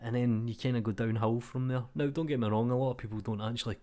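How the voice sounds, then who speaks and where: A man in his thirties with a broad Glasgow accent talks off the cuff, blunt and sweary. His voice sits at an ordinary middle pitch, and he sounds relaxed and self-mocking as he chats. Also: fast. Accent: Glaswegian Scottish. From Scotland. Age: 30s. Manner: playing a game while talking. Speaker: YouTube 3D tutorial creator. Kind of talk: casual rambling vlog chat.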